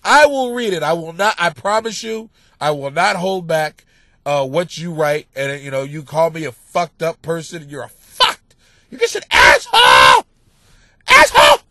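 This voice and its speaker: A male comedian hosting a podcast, delivering a crude, profane monologue that swings between muttering and loud yelling. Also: on the high side, normal speed, no echo.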